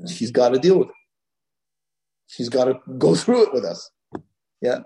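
A man giving a Torah lecture as a rabbi, animated and leaping higher when he voices God's words. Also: normal speed, creaky. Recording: echoey room.

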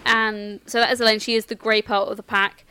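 A woman acting as game master, calmly explaining the characters and rules of a tabletop game with some restarts. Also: medium pitch, fairly quick, smooth, no room sound.

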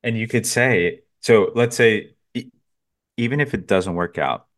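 A man's voice: on the low side, measured pace. A man co-hosting a podcast in casual comedic banter, laid-back, setting up bits and laughing often. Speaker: podcast co-host.

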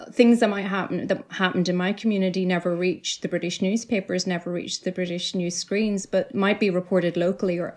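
Middle-aged Northern Irish woman, novelist guest, earnest and thoughtful, lowish voice. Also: darkish tone. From Northern Ireland. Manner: earnest, reflective, with frequent restarts. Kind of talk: interview conversation.

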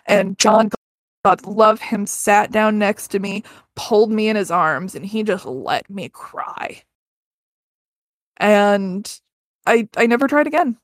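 A woman's voice: medium pitch, animated, slow pace, no room sound. A woman in her thirties, a podcast guest telling personal stories in an earnest, candid way, swearing freely and often restarting sentences. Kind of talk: casual personal storytelling.

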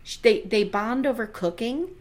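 Picture a woman with a slightly higher voice, chatting casually as a podcast co-host. She laughs often and briefly acts out what the characters say. The storytelling is animated. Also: moderate pace. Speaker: podcast co-host recapping a TV episode. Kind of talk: casual chat.

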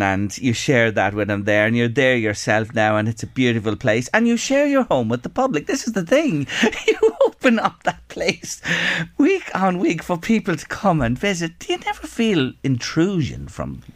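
An Irish man hosting a radio show, interviewing a guest and praising her warmly and effusively. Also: mid-range voice, very animated, moderate pace, dry recording. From Ireland. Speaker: radio host.

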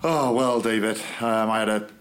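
Male co-host, lowish voice, easy storyteller who laughs at his own jokes. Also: fairly even intonation, normal speed, clear, resonant tone. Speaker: podcast co-host, former rugby player. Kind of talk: casual chat.

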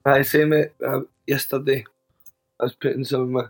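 A man's voice: mid-range voice, level tone, normal speed. A man co-hosting a podcast, telling a rambling anecdote and laughing mid-sentence. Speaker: podcast co-host.

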